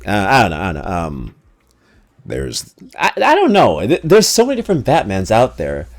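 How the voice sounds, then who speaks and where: A man's voice: on the low side, wildly swooping pitch, normal speed. A man streaming a game, chatting casually and joking, rambling with many fillers. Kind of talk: casual live-stream chat.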